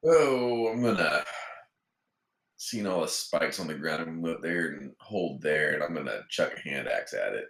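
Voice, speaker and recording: Brief: male player, extremely deep, laid-back, roomy echo. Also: a little fast, vocal fry, few pauses, a bit bright. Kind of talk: casual tabletop play.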